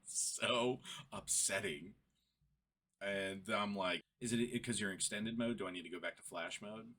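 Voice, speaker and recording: A man's voice: lowish voice, fast talker, hardly any pauses, sharp tone. A young man recounting a frustrating chat in a casual rant, exasperated and building to laughing frustration. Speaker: vlogger. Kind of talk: casual screen-recorded rant.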